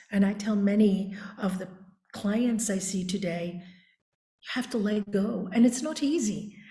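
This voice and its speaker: A woman with a warm, mellow voice speaks unhurriedly, like a teacher. She tells reflective stories as a yoga guide. Her voice sits in a roomy, echoing space. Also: mid-range voice. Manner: slow, deliberate teaching tone. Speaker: yoga teacher, interview guest. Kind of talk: reflective storytelling. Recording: roomy echo.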